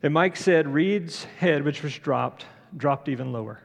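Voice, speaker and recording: A middle-aged man delivers a sermon, his slightly raised voice carrying a gravelly edge. He talks the congregation through the story in a loose, conversational way, full of small pauses. A long church reverb trails behind his words. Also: fairly high pitch. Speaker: pastor.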